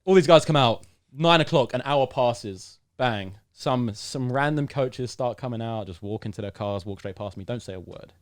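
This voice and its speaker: A young British man in his twenties, a guest on a podcast, tells a story in casual conversation as a lively storyteller who acts out the dialogue. His medium-pitched voice moves at a moderate pace in a dry, studio-quality recording.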